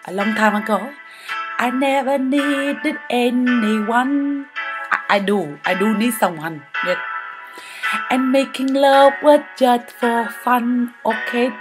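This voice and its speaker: A woman's voice: a little high, slow, pitched above the performer's own voice. A woman doing a Vietnamese-accented comic mother. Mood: mock-lonely. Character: theatrical tough-loving Vietnamese mother, flirty. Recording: clip with loud music behind.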